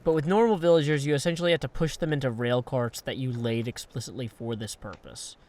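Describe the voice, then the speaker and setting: A man hosting a casual chat while playing a video game, lively, joking and self-deprecating. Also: medium pitch, quick pace. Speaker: gaming channel host.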